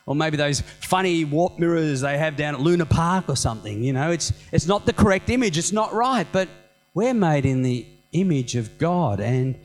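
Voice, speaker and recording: A middle-aged man preaching a sermon as senior pastor, animated and conversational, with humorous self-mocking asides. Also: a little high, moderate pace, soft background music, low-quality recording.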